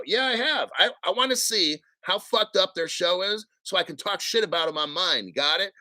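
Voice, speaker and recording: A man hosting a crypto stream, ranting in a blunt, profane, combative way and clearing his throat often. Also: sits high, expressive, brisk, pushed and bright, no room sound. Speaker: crypto channel host. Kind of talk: livestream rant.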